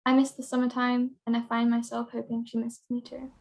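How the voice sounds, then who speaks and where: Teen girl reading in flat gravelly voice. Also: a little high, brisk. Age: teens. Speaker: young writer. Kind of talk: reading own prose aloud.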